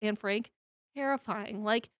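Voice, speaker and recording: A woman's voice: mid-range voice, a little slow, smooth, no echo, studio quality. A young woman co-hosting a podcast, chatting casually and ramblingly about a book, filling her talk with "like" and casual swearing. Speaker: podcast co-host. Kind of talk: casual chat, book review.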